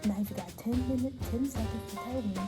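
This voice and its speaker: A woman doing a low, menacing soldier commander. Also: fast talker, loud music behind the voice, close to an everyday voice.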